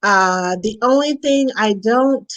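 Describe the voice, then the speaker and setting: Slow-talking woman reading out comments. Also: fairly high pitch, a bit bright, rough recording. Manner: reads names haltingly, apologetic. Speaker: host reading viewer comments. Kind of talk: casual live-stream chat.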